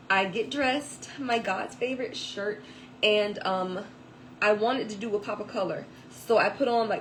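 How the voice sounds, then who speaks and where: A woman's voice: mid-range voice, a bit bright, a little hiss or hum, rough recording. A woman telling a personal faith testimony in a chatty way, with many fillers and asides. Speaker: author giving a testimony.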